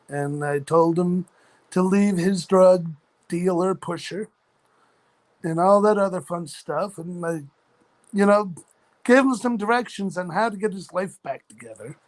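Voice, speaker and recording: A man's voice: sits high, unhurried. A man in his forties casually telling a long personal story in a rambling, earnest, matter-of-fact way. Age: 40s. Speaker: chat room participant.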